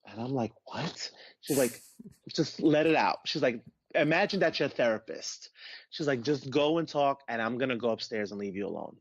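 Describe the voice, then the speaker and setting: A man's voice: mid-range voice, normal speed, dry recording. A man, a podcast guest, telling a personal story in a casual way and acting out the voices of the people he quotes. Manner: animated, acts out quoted voices. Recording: dull, dry podcast audio.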